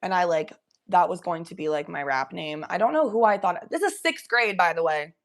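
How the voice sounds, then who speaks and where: Chatty young woman with a gravelly edge. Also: fairly low pitch, animated, brisk. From Cincinnati area, USA. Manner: chatty, swears freely, reads chat aloud, slips into baby talk for pets. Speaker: livestreamer. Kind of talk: casual livestream chat.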